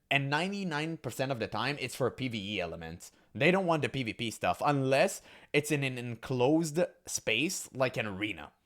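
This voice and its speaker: Scornful ranting man with lively pitch. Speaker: reaction commentator. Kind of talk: casual reaction commentary.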